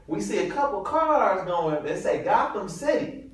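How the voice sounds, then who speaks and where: A man from Detroit, a comedian guest, telling a story in a slangy, animated way with frequent laughs. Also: high-pitched, normal speed. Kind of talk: casual storytelling interview. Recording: very echoey room, far from mic.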